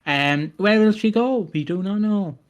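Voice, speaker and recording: A man's voice: high voice, unhurried, muffled recording. A man co-hosting a podcast, recapping casually in a rambling way with frequent self-corrections and laughter. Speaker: podcast co-host.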